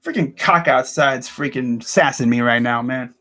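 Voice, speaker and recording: A man's voice: medium pitch, normal speed. A young man vlogging as a sports fan, ranting casually and swearing a lot. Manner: animated, ranting, swears and says bruh a lot.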